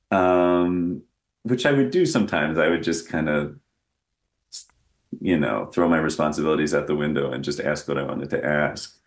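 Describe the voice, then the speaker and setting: A man's voice: low voice, roomy sound. A man talking as a guest in a casual interview, rambling and self-deprecating, with many restarts. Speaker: guest actor.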